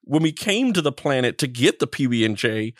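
A man's voice: medium pitch, very animated, a little fast, no echo, clean studio sound. A man voicing a laid-back male alien who loves sandwiches, talking casually and matter-of-factly.

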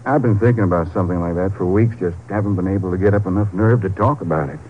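A man's voice: low voice, fast, a little hiss or hum, natural voice. An actor playing a worried husband soothing his wife, in 1940s radio acting on a tinny old broadcast. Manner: soothing, pleading.

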